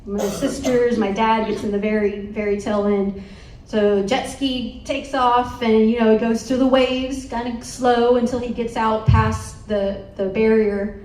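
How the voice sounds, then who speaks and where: A young adult woman telling a story at a conference, animated and laughing, with lots of restarts. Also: fairly high pitch, unhurried, a little hiss or hum. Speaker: motivational speaker. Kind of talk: storytelling speech to a live audience. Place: conference hall. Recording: echoey hall, from far off.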